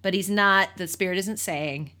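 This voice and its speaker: A woman's voice: mid-range voice, normal speed, pushed and bright. A woman co-hosting a podcast, retelling a book with enthusiasm and frequent laughter. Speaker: podcast co-host. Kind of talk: casual chat about a book.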